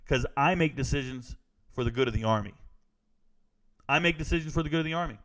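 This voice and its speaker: A man's voice: medium pitch, quick pace, a bit bright. A man hosting a casual livestream, ranting bluntly and reading chat, a former army first sergeant who repeats his points with emphasis. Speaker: show host reading chat.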